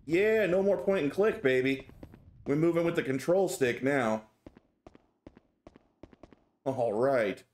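A male streamer chats through his gameplay in a playful, joking way. His voice swings widely in pitch as he reacts to each new discovery. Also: animated, slow pace, pauses often, darkish tone. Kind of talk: casual game commentary.

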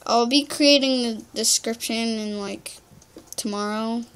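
A woman's voice: fairly high pitch, a little slow, clean tone. A young woman giving chatty, rambling let's-play commentary, full of "like". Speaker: gamer.

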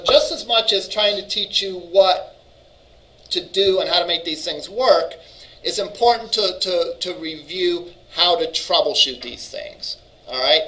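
With a high, pushed and bright voice, a man lectures a college database class in a conversational way. He repeatedly asks "all right?" and thinks aloud with fillers and restarts, on a rough recording.

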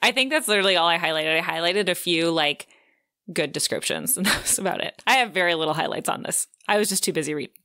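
A woman's voice: lowish voice, fast, bright, forceful tone, no echo, clean studio sound. A woman co-hosting a book podcast, chatting casually with lots of "like" and frequent laughs. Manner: chatty, many "like" fillers, laughs often. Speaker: podcast co-host.

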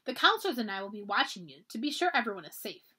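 A woman's voice: a little high, sing-song, fast, husky, heavily acted. A woman voicing a kindly, encouraging camp director as she reads a children's book aloud. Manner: gentle, encouraging storybook voice.

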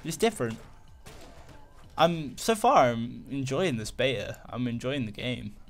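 A man talking casually over his own gameplay, rambling through fillers and half-finished thoughts. His voice sits at an ordinary middle pitch and jumps up when something surprises him. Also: measured pace, faint music behind. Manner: rambling, full of fillers and restarts, easily excited. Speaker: gaming channel host. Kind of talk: casual let's-play commentary.

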